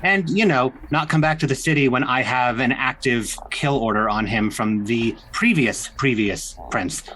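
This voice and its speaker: A man playing in a tabletop role-playing game, talking quickly and restarting his lines. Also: mid-range voice, fairly bright tone, a little hiss or hum. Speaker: player. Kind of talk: casual tabletop play.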